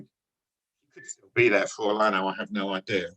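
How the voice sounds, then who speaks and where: An older man, a guest speaker telling wry, deadpan stories from his police career to an audience. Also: lowish voice, moderate pace, low-quality recording. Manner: dry, wry storytelling with deadpan punchlines. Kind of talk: anecdotal talk to an audience.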